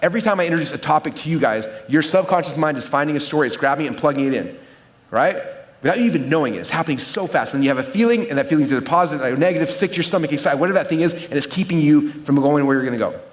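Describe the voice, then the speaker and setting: A man's voice: fairly high pitch, animated, racing. A man giving a live seminar talk to an audience, telling stories energetically and checking in with his listeners. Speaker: seminar speaker teaching marketing.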